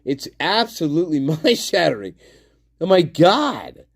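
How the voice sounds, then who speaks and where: A man with a high voice talks slowly and bluntly, swearing freely and laughing as he goes. His heated commentary sounds close and dry, with no room around it. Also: very animated, vocal fry, dry recording. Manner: profane, blunt, laughing often. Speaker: livestream host.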